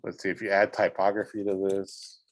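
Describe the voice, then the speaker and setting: A man's voice: low voice, flat delivery, normal speed. A man teaching a school art and design class in a casual, chatty way, exclaiming over pictures and often checking in with the students. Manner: enthusiastic, exclaims over images and keeps checking in with "right?". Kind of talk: casual classroom instruction while browsing images.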